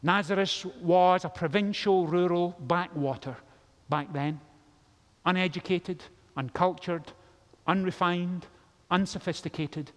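A man preaching a sermon as pastor, telling the story in a lively way and acting out the characters' lines. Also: high-pitched, unhurried. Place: large church. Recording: long church reverb.

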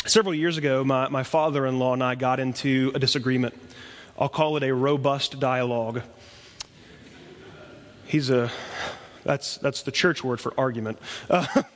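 A man preaching a sermon as pastor, telling stories with lively swings from soft to loud. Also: medium pitch. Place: church sanctuary. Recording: long church reverb.

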